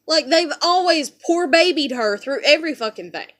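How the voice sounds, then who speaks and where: Woman w a high voice ranting angry, swearing a ton, lots of "you know". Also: lively intonation, normal speed, fairly bright tone. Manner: heavy swearing, rambling with "you know" fillers; bitter and heated. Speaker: vlogger. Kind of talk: angry personal rant.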